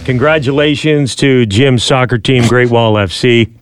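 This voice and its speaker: A man's voice: mid-range voice, a little slow, music in the background. A man co-hosting a podcast who talks in an easygoing way, asking questions and teasing his partner. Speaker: podcast co-host. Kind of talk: casual chat, prompting questions.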